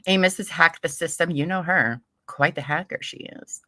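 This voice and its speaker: A young woman chats casually on her livestream in a bright, close, dry voice. She is giggly and easygoing as she greets viewers one by one. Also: fairly low pitch, normal speed, no echo. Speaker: livestream host.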